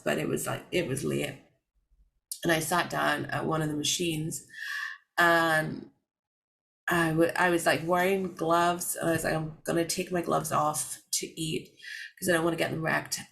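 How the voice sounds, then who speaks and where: Young woman vlogger, deep voice with vocal fry, casual rambling storyteller. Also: fairly bright tone, rough recording. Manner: rambling, many fillers and restarts.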